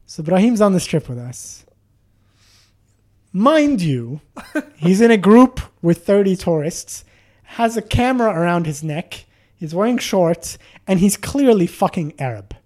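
A man's voice: high-pitched, very animated, unhurried, darkish tone. A man telling a comedic story on a podcast, rambling with lots of fillers and swearing, rising to exasperated outbursts.

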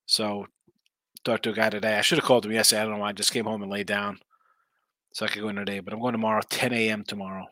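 Tired, rambling man with a bright, dry voice. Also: fairly low pitch, level tone, racing, no echo. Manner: laid-back, rambling, slangy, reads chat aloud. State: tired, yawning, injured arm. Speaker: sports betting show host. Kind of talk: casual live-stream chat reading viewer comments.

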